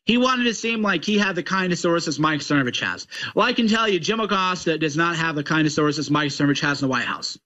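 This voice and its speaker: A man's voice: a little high, lively intonation, a little fast, hardly any pauses, bright, forceful tone, muffled recording. A man giving ranting political commentary in a mocking, combative way.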